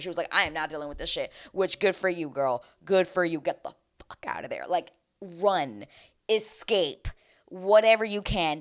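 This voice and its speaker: A woman talking casually as a vlogger, recapping a reality show in an animated, sarcastic way with exaggerated outbursts. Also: fairly low pitch.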